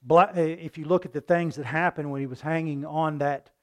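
Animated folksy male preacher. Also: a little high, moderate pace. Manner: animated, acts out mocking crowds in loud voices; folksy, asks the listeners "right?". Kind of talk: sermon.

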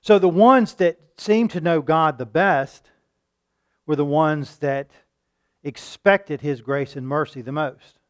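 A man preaching a sermon, asking his listeners questions and acting out loud pleas now and then. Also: on the high side, takes it slowly, clean tone. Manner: shifts between calm teaching and loud acted-out pleading; rhetorical questions to the congregation.

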